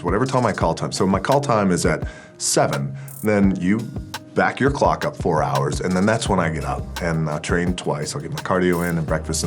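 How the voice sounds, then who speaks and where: A middle-aged man with a fairly low voice answers interview questions. He is an actor and an animated storyteller. Faint music plays underneath. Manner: animated storyteller, acts out dialogue.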